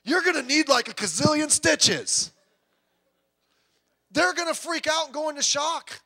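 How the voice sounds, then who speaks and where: A man's voice: very high-pitched, expressive, unhurried, vocal fry, pushed and bright. A middle-aged man preaching a sermon in a folksy, joking, conversational way.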